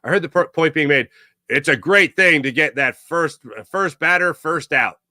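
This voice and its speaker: A man's voice: on the high side, moderate pace, sharp tone, dry recording, studio quality. A man hosting a sports talk show, ranting sarcastically and casually while reading viewer comments. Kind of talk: casual live-stream chat reading comments.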